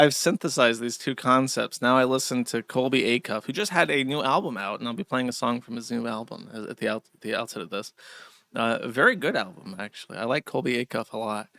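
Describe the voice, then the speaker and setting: A man's voice: medium pitch, creaky, bright, forceful tone, no room sound, clean studio sound. A man hosting a livestream, rambling through a casual monologue with digressions and asides to his chat. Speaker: livestream host.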